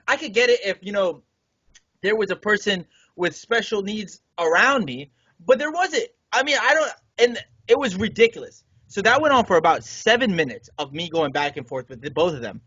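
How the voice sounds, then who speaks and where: A man with a higher-than-usual, husky voice tells a podcast story with animated indignation. The sound is dry and slightly dull, like a close home podcast mic. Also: a little fast, dry recording. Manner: animated, indignant retelling with swearing. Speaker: podcast co-host.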